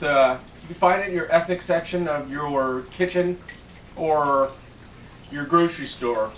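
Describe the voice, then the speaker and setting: A man's voice: on the high side, a bit bright, highs cut off, slight background noise. Joking, foul-mouthed man cooking in a kitchen. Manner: joking, swears freely. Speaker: home cook. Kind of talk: casual cooking demo. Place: home kitchen. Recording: echoey room, mic at a distance.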